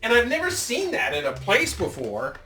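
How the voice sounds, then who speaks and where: High, lively man in his fifties ranting. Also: moderate pace, far from the mic, a little hiss or hum. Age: 50s. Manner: profane, heated ranting. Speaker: vlogger. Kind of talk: casual storytelling.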